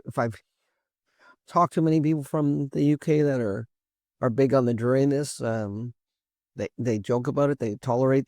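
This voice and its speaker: A man's voice: mid-range voice, vocal fry, a little mellow, no room sound, clean studio sound. A man giving casual reaction commentary as a genealogy host, thinking aloud with many restarts. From Canada.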